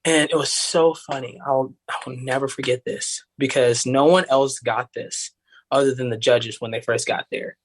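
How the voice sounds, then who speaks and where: A man's voice: medium pitch, steady tone, moderate pace, a little hiss or hum. A young man from Tennessee, telling a story in a rambling, casual way, full of "like". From Tennessee, USA. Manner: rambling, heavy use of "like", acts out voices of others. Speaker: podcast guest, singer.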